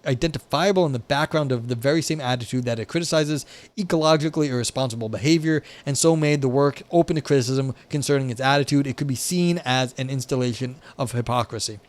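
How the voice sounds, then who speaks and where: In casual live-stream commentary, a young man reads philosophy at his desk by a window and adds wry, profane asides thick with "like" and restarts. He's a fast talker with a mid-range voice.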